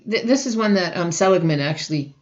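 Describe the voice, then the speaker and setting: A woman instructor giving a recorded lecture, often clearing her throat and restarting sentences. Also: on the low side, animated, a little fast, echoey room, highs cut off. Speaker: college instructor.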